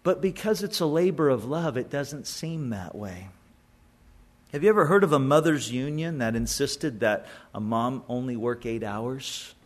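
A man's voice: mid-range voice, animated, a little slow. A middle-aged male pastor preaching a sermon in a conversational way, often repeating words as he goes. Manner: conversational, stumbling repetitions.

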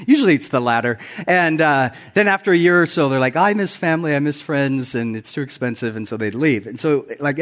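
A man in his forties, a guest pastor giving a conversational sermon with self-deprecating humor, often chuckling at his own stories. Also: mid-range voice. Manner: acts out quotes with raised voice. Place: church sanctuary.

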